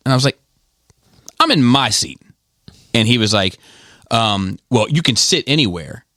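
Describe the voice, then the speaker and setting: A middle-aged man from Maryland, hosting a podcast and telling a profane, animated story with quoted voices. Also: medium pitch, normal speed, no echo, studio quality. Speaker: podcast host. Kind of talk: casual storytelling.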